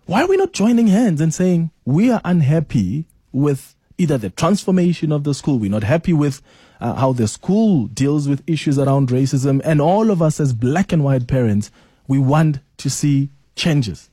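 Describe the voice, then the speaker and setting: A man hosts a call-in radio show, talking in an earnest, questioning way. His voice is mellow and a little husky. The sound is dry and close. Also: animated, moderate pace, no echo. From South Africa. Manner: earnest, questioning, rises in pitch when making a point. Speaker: radio talk show host. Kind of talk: talk radio, reading listener messages.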